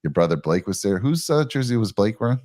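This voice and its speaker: Man, very low voice, relaxed host steering the panel, dry close mic. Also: fast, dry recording. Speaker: podcast host. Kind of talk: casual sports chat.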